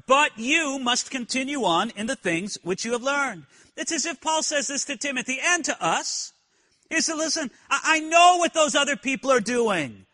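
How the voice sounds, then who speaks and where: Earnest high-voiced male preacher. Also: bright, forceful tone, long reverb tail. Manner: earnest preaching, asks the congregation questions, uses slides. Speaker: pastor. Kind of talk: sermon. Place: church sanctuary.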